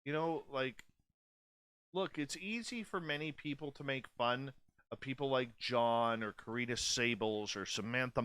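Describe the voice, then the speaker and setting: A man's voice: medium pitch, a bit bright, clean tone, no room sound. A man in his forties hosting a radio show, speaking bluntly and candidly in a casual late-night monologue. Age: 40s. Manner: blunt, candid and profane, with many restarts.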